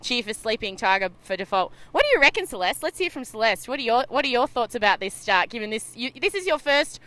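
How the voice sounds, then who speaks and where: A woman's voice: on the high side, very animated, fast talker, fairly bright tone, no echo. A young Australian woman doing chatty, laughing live sailing-race commentary from a boat at sea. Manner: bubbly, laughs often, chatty.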